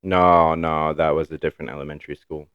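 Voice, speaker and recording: A man's voice: rumbling low, level tone, brisk, clean tone, dry recording, phone-quality sound. A man from Ohio, co-hosting a podcast and telling stories casually, swearing freely. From Ohio, USA. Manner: loose storytelling, swears freely. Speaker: podcast co-host. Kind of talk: casual chat.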